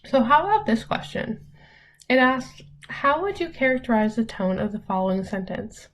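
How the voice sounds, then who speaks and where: A woman's voice: fairly high pitch, sing-song, moderate pace, rough recording. A young adult woman teacher walks through a recorded online lesson. She explains step by step, chatty and full of ums.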